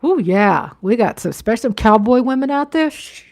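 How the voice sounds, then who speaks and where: A middle-aged woman hosting a casual livestream from home, chatting with viewers, reading their comments aloud, laughing often and sometimes dropping into a hushed whisper. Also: a little high, animated, fairly quick. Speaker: livestream host. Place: home, at night.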